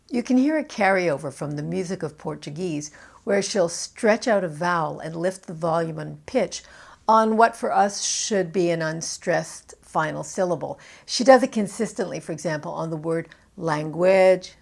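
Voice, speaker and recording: A woman with a Canadian accent, a pronunciation coach giving instructional commentary and modeling words slowly and clearly. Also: lowish voice. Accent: Canadian English.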